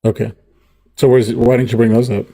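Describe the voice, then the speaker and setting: A man's voice: mid-range voice, little pitch movement, fairly quick, gravelly, warm tone. A man in a casual political debate, pressing with pointed questions. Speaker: debate participant.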